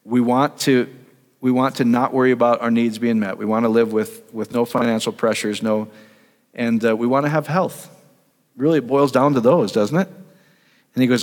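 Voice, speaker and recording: A man preaches in a relaxed teaching sermon in an easygoing, mid-range voice. He keeps asking his listeners questions, trailing off and picking his thought back up. His words ring out with a long reverb across a church hall. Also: mid-range voice, moderate pace, long pauses. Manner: conversational, asks the audience questions, trails off and restarts.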